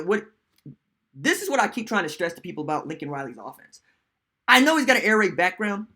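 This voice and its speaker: A man hosting a live-stream sports podcast in casual, animated chat, reading viewer comments aloud. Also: high-pitched. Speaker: podcast host.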